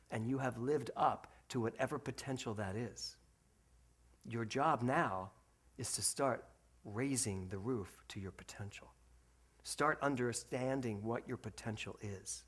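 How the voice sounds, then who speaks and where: A man giving a sermon at a spiritual center, telling stories in an animated, humorous way. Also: medium pitch, breathy edge. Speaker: minister.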